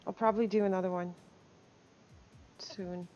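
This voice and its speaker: A woman's voice: medium pitch, steady tone, moderate pace, a little mellow, muffled recording, faint music behind. A woman streaming live, chatting casually with viewers, reading chat aloud and laughing often.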